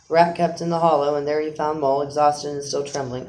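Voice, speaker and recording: Expressive male storybook narrator. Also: a little high, fast talker, hardly any pauses, poor audio. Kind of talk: storybook reading.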